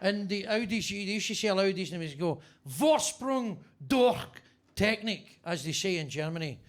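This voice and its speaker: A man doing stand-up crowd work in a basement club, brash and foul-mouthed as he teases the people in front of him. His voice sits high for a man. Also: fast talker, fairly bright tone. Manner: brash, swearing, teasing the audience. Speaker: stand-up comedian.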